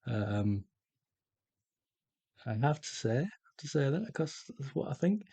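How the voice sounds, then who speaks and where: Slow, musing man. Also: mid-range voice, big pitch swings, vocal fry, mellow, husky, no room sound. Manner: slow, musing, rambling with many ums. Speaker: art vlogger. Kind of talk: casual chat while painting.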